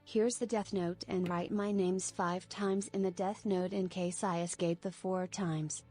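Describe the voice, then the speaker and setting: A woman's voice: lowish voice, steady tone, measured pace, mellow, soft background music. A cold, commanding woman.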